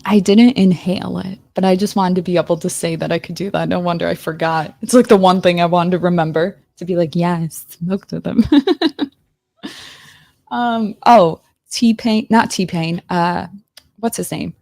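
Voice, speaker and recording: A woman's voice: lowish voice, normal speed, vocal fry, a little mellow, no room sound. A woman in a casual livestream chat, rambling and searching for names, laughing often. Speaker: streamer.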